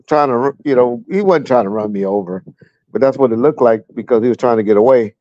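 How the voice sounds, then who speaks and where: Chuckling as he goes, a middle-aged former cop from Southern California tells crude, blunt tales from his police days as a livestream guest, speaking from home with a fan running. He has a medium-pitched, dark voice at a fairly quick pace, and the lo-fi audio has no echo.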